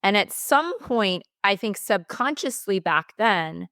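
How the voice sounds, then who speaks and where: A woman's voice: medium pitch, lively intonation, takes it slowly, fairly bright tone, no echo, studio quality. A middle-aged woman, a mindset coach, speaking as a guest in a podcast interview in an emphatic, motivational way.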